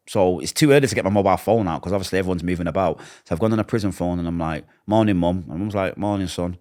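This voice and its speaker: Fast-talking deep Mancunian man. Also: a little mellow. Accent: Mancunian English. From Manchester, England. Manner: emotional, vivid retelling with acted-out dialogue. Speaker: interview guest. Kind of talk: personal storytelling in an interview.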